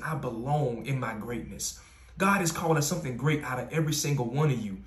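Emphatic preacherly man in an echoey room. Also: on the high side. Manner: preacherly, builds to emphatic repeated declarations. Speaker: podcast host. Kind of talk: motivational Christian podcast talk. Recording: roomy echo.

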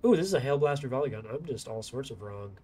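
A man's voice: medium pitch, expressive, fast talker, a little mellow, breathy edge. A man with a nasal, congested voice giving rambling, self-deprecating live-stream commentary on a strategy game tournament. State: congested sinuses.

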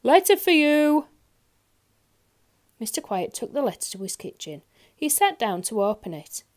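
A woman reading a children's picture book aloud, expressive and talking directly to young listeners. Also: medium pitch, a little fast. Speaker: storyteller. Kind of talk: children's story read-aloud.

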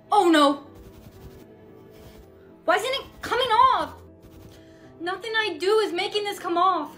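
A woman's voice: very high-pitched, animated, a little slow, pauses often, pushed and bright, soft background music. A woman playing the lead in a comedy skit with dramatic, exaggerated delivery. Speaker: main skit character.

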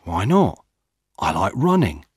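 A man's voice: lowish voice, big pitch swings, slow pace, slightly rough, no echo, studio quality, exaggerated voice. A man doing a defiant young jogger.

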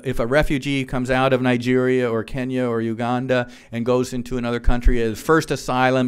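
Smooth-voiced man giving a policy talk. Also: mid-range voice. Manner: earnest, reads quotes from slides, frequent fillers. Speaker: policy speaker. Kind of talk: presentation to a live audience. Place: room with an audience.

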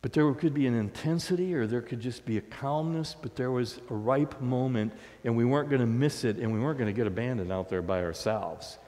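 A man's voice: mid-range voice, brisk, hardly any pauses, mellow. Conversational male pastor in a reverberant church. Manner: conversational, storytelling. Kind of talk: sermon. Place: church sanctuary.

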